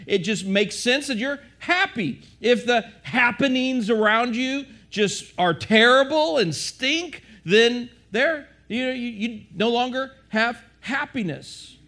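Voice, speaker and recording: A man's voice: very high-pitched, pushed and bright. A man preaching a sermon, questioning the audience often and restarting his sentences.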